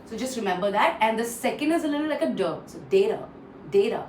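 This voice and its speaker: A woman trainer walks through word pronunciations and repeats each one for drill. She pauses often with "uh". Her voice sits slightly off-mic in a roomy space with a faint hiss behind it. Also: a little high, lively intonation, far from the mic. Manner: frequent "uh" fillers. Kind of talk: online pronunciation lesson.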